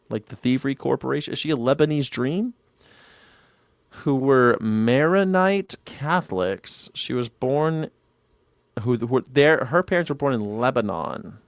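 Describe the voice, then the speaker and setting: A man's voice: mid-range voice, no echo, clean studio sound. A man hosting a live news reaction show, sarcastic, crude and rambling.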